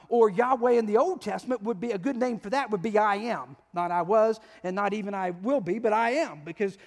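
High-voiced male preacher in a reverberant church. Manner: conversational preaching, asking the congregation questions. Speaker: pastor. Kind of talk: sermon. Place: church sanctuary.

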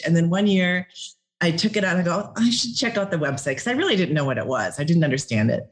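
A woman's voice: lowish voice, fast. Middle-aged woman guest, chatty, laughs a lot, acts out her old lines. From Minnesota. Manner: animated, laughs often, acts out her own past words. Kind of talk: storytelling in a podcast interview.

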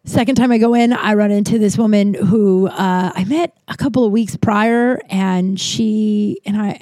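A woman's voice: fairly high pitch, a little mellow, dry recording. Chatty, profane woman with a dry close sound. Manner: chatty, profane, rambling with many restarts. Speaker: podcast host. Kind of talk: casual storytelling monologue.

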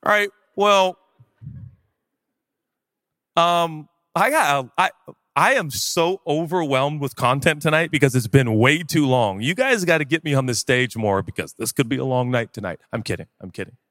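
A pastor telling funny stories in a sermon, jokey and animated, breaking into sudden loud shouts, on a church stage. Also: male voice, on the high side, a little slow, dry recording, clean studio sound. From Seattle area, USA. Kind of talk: humorous sermon storytelling. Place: church stage before a live audience.

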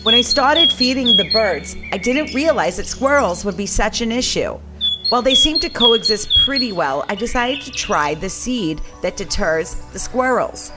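A woman's voice: on the high side, animated, moderate pace, close to an everyday voice. Woman reading a story in a goofy put-on regional accent, giggly, with music underneath. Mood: hammy. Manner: hammy, self-mocking, giggly.

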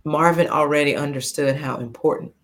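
Guesting on a podcast, a woman in her fifties with a low voice recounts a personal story at a brisk pace. Her telling is warm and lively, broken by laughter here and there.

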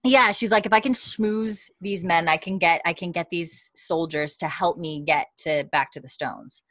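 A woman tells a show's story in casual chat, slipping into quick impressions of the characters as she goes. Her voice sits low, and the sound is dry and close. She laughs easily along the way. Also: no echo. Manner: lively storyteller, acts out quotes, laughs often. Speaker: podcast co-host recapping a show.

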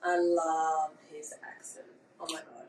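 A woman from England chatting as a guest on a podcast, lively and playful. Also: sits low, a little slow. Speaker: guest, boxer. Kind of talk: casual podcast chat. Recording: roomy, slightly distant, faint background noise.

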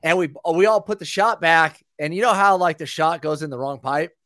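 A man telling stories as a guest in a casual chat, animated and full of swearing. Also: fairly high pitch, a little fast, dry recording, studio quality. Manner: animated, profane storytelling.

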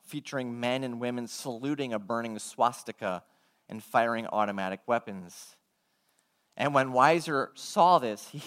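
A male preacher tells a story in an earnest, measured sermon. His voice sits at a middle male pitch, neither high nor low. He takes his time with each line and acts out the dialogue he quotes. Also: fairly bright tone.

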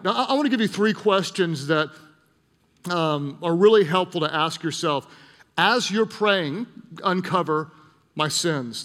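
A man's voice: high voice, long reverb tail. A man preaching a sermon as pastor, telling stories and acting out the voices of the people in them. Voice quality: animated storytelling with acted-out voices.

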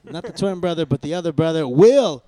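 A man's voice: fairly high pitch, animated, brisk, warm tone, no room sound, studio quality. A young man hosting a casual podcast, loose, joking and profane as he talks with his guests. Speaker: podcast host.

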